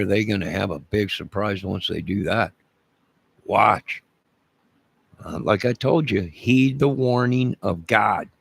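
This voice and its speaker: A man's voice: fairly low pitch, creaky, husky, no room sound. A man from Chicago in a rambling direct-to-camera rant, menacing and repetitive, leaning hard on his words for emphasis.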